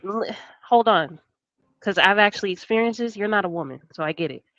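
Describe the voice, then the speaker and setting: A woman's voice: medium pitch, expressive, fairly quick, a bit bright, no echo. Pointed woman, dull dry sound. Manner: pointed, tries to steer the talk. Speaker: panelist. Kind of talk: heated casual debate.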